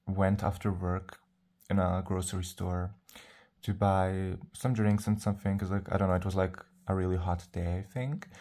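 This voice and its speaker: Low, mellow voice with rambling, sassy chatter. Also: male voice. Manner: self-assured, sassy. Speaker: vlogger. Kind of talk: casual vlog monologue.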